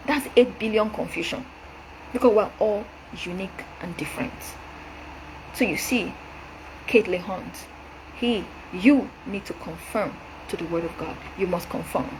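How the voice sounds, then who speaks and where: A young adult woman delivers a direct-address rebuttal in a forceful, lecturing tone. Her voice sits at a middle pitch. A faint background hiss runs under the recording. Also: measured pace, pauses often. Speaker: show host.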